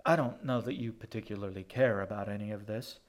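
A man voicing a cold, calculating male captor who speaks quietly and precisely. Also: fairly low pitch, fairly even intonation, close to an everyday voice. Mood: quiet menace. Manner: quiet, measured, clipped.

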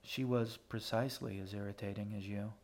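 A man voicing a cold, calculating male captor who speaks quietly and precisely. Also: fairly low pitch, steady tone, lightly acted. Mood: quiet menace. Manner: quiet, measured, clipped.

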